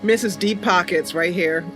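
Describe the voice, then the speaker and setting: A woman's voice: fairly low pitch, unhurried, fairly bright tone, soft background music. A woman hosting a game role-play video, talking in a playful, giggly, chatty way while she plays and narrates the story. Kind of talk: casual gameplay commentary with role-play narration.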